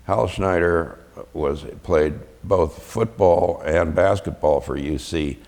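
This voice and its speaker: A man's voice: low voice, takes it slowly, darkish tone, big-room sound. An older man, a veteran, telling chuckling anecdotes in an oral history interview and acting out the voices he quotes.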